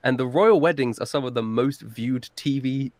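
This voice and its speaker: A young man from England co-hosting a podcast, explaining things calmly in casual chat. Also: mid-range voice, moderate pace, no room sound. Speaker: podcast co-host.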